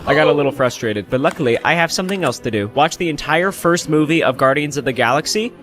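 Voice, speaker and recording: Excitable young man narrating a travel vlog. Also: a little high, fast talker. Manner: excitable, self-mocking. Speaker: travel vlogger.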